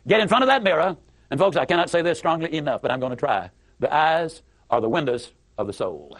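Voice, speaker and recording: A man delivering a motivational story to a crowd in a folksy, emphatic manner. His voice sits high for a man, and he talks quickly, stacking up repeated words for emphasis. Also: lively intonation. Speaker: motivational speaker.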